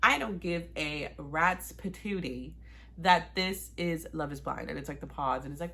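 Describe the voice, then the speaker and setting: A young woman, a TV show reviewer whose first language is Spanish, recaps a reality show in a casual vlog, blunt, sassy and profane. Her voice is deep, gravelly and sharp, and she speaks unhurriedly.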